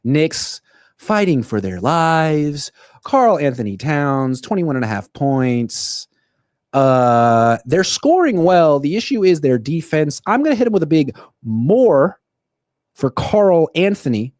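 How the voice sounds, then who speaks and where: A young man hosting a solo sports show, ranting in animated, quick bursts. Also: a little high, no room sound, clean studio sound. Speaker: sports podcast host. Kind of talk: solo livestream commentary.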